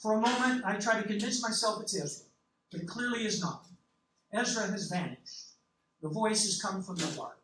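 A man reading a literary novel in the first person, with a measured, reflective delivery. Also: high-pitched, a bit bright. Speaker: audiobook narrator. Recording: roomy, distant mic, faint hiss.

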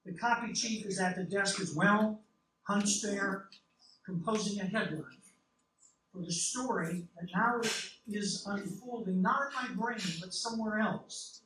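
A man reading a literary novel in the first person, with a measured, reflective delivery. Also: high-pitched. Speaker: audiobook narrator. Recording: roomy, distant mic, faint hiss.

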